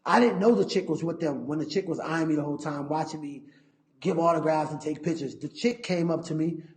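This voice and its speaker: Raised-pitch man telling a story in an echoey room. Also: a little fast. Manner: profane, animated, acts out his own past lines. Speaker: interview guest, fighter. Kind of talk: casual storytelling.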